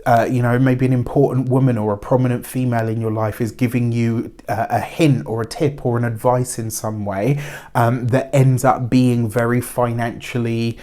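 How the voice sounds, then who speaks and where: A man's voice: mid-range voice, flat delivery, normal speed. Chatty man giving a tarot reading. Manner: chatty, rambling, warm spiritual phrasing with frequent fillers. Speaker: tarot reader. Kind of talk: casual weekly tarot reading.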